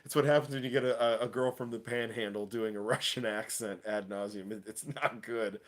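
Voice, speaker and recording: A man chatting casually on a livestream, his voice sitting at an ordinary middle pitch. He talks excitedly in loose, slangy speech, often laughing between points. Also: a little fast. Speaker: wrestling show host.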